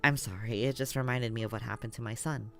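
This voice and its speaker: A man voicing a soft-spoken, formal middle-aged mother who has lost her son. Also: mid-range voice, steady tone, quick pace, faint music behind, close to an everyday voice. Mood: sorrowful. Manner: quiet, formal.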